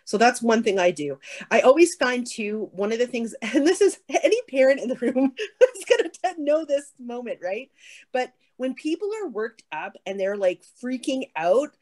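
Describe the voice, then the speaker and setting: A woman answering a question as a keynote speaker, earnest and firm, with a lively, animated way of talking. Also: fairly high pitch, moderate pace. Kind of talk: conversational answer on stage.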